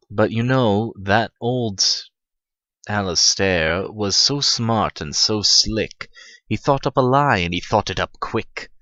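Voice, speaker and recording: Guy slowly reading a rhyming story as a sweary parody, muffled dry lo-fi mic. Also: fairly low pitch, pushed and bright, no echo. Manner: profane, stumbling, laughing at himself. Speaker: reader. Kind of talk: comedic parody read-aloud. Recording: dull lo-fi dry recording.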